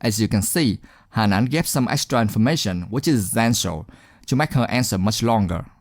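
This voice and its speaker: Lively, encouraging male teacher, dry sound. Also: on the low side, no room sound. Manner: encouraging, deliberate, emphatic stress on key words. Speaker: English exam teacher. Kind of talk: scripted instructional narration.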